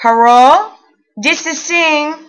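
A woman's voice: sits high, animated, a little slow, a bit bright, pitched above the performer's own voice, full character voice, low-quality recording. A woman voicing a brusque woman loan officer with a thick accent, speaking in clipped, broken phrases. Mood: curt, insistent.

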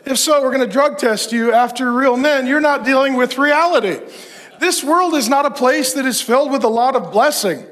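A middle-aged man preaching a sermon to men, emphatic, with rhetorical questions and long lists. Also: extremely high pitch. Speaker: pastor.

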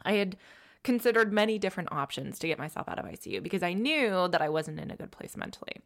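A woman's voice: on the low side, big pitch swings, quick pace, fairly bright tone. A young woman, an ICU nurse co-hosting a podcast, telling a heartfelt story in casual chat and dropping to a whisper for quoted words.

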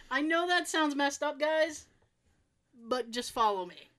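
Lively, chatty woman podcast co-host. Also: sits high, slow pace. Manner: chatty storyteller, laughs often, many fillers. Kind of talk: casual chat.

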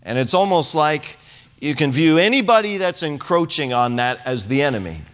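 A man from California preaching a sermon in a church, animated and humorous, often restarting his sentences. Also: fairly high pitch, moderate pace. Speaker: pastor. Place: church sanctuary.

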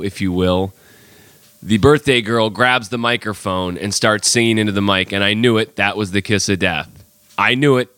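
A man's voice: fairly low pitch, a bit bright, clean tone, no echo. A man hosting a casual podcast, sick with a cold, telling his story in a chatty, exasperated way. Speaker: podcast host.

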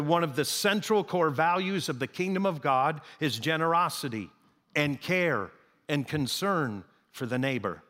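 A man preaching a sermon as pastor, in a conversational storytelling manner. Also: a little high. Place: church sanctuary. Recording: reverberant hall with soft music.

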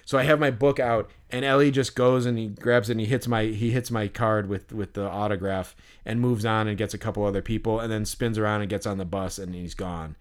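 A man co-hosting a podcast, telling a story in an animated, rambling way, full of fillers and the odd swear word. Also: fairly low pitch, a little fast, hardly any pauses. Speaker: podcast co-host. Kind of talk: casual storytelling chat.

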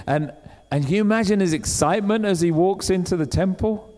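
A man's voice: high voice, a little fast, dark tone, long reverb tail. A man preaching a sermon in a chatty, storytelling way, acting out the voices of the people he describes. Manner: conversational, acts out quoted voices.

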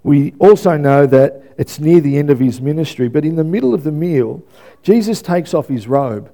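A man's voice: on the high side, animated, moderate pace, warm tone. A male pastor preaching a sermon in a conversational way, often checking in with "yeah?" and repeating phrases for emphasis.

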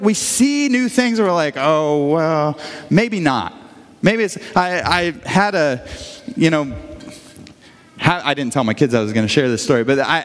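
A male pastor preaching a conversational sermon, animated and telling stories, acting out the voices of the people in them. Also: a little high. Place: church sanctuary. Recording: long hall reverb.

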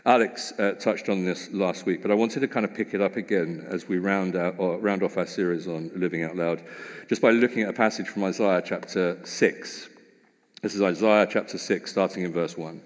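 A man's voice: deep voice, normal speed. A man preaching a sermon, earnestly reading scripture aloud and then expounding on it with rising emphasis. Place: church hall. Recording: long hall reverb.

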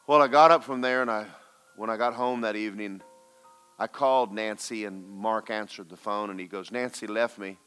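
A male pastor with a somewhat low but bright, forceful voice delivers a storytelling sermon. He swings from loud, urgent calls to the congregation down to hushed, almost whispered narration. Faint music plays underneath. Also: steady tone, normal speed, smooth.

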